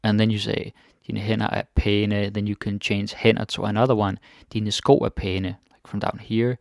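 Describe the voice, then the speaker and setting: Guy teaching a chill language lesson, kinda low gravelly voice, repeats everything, says "right?" a lot. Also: moderate pace, no room sound, studio quality. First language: Danish. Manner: relaxed, repeats words, asks "right?" often.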